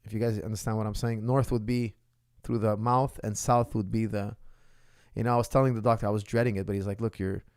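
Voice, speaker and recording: A man's voice: lowish voice, level tone, quick pace, darkish tone, dry recording, studio quality. A man in his forties, a martial arts coach, answering viewer questions in an emphatic way and often checking in with "okay?". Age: 40s.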